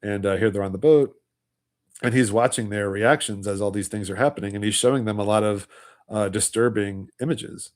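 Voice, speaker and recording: Rambling low-voiced man hosting a stream. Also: brisk. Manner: rambling, full of "you know" and "like"; chuckles between points. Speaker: livestream host. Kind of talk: casual livestream commentary.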